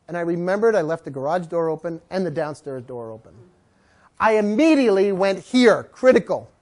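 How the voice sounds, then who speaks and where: Animated man teaching a dog class. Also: high voice, fairly quick. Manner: animated storytelling, jokes with the audience. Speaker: dog trainer. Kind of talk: lively class talk to a live audience.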